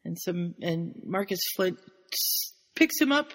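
A woman co-hosting a podcast, casually retelling a story in an animated way and laughing often. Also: on the low side, measured pace, big-room sound. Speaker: podcast co-host.

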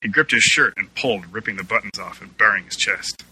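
A man narrating an amateur audio play in an animated way, changing his voice for the quoted characters. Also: fairly low pitch, fairly quick, few pauses, slight background noise, low-quality recording.

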